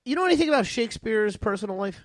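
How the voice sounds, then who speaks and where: A man's voice: sits high, animated, racing, no room sound, clean studio sound. Easygoing man asking trivia questions. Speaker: podcast co-host. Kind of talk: casual trivia chat.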